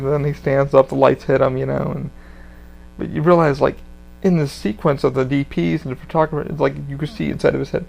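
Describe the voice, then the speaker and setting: A man's voice: mid-range voice, little pitch movement, a little fast, creaky, a little mellow. A man hosting a podcast, talking in a rambling, casual way with lots of swearing and fillers. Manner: rambling, profane, full of fillers. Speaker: podcast host.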